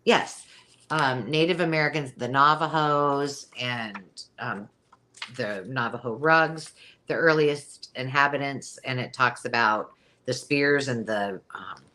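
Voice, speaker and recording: A woman's voice: rumbling low, slow pace, bright, forceful tone, slight background noise. A middle-aged woman hosting a live sale, talking in a rambling, chatty way with frequent ums. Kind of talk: casual live-stream selling chat.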